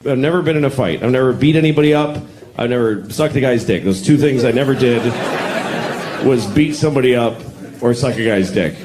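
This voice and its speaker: A man in his forties performing a self-deprecating, deadpan stand-up comedy set on stage. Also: medium pitch, a little fast, background noise. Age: 40s. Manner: deadpan, self-deprecating, acts out bits in character voices. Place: comedy stage before a live audience. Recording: live set with loud crowd laughter.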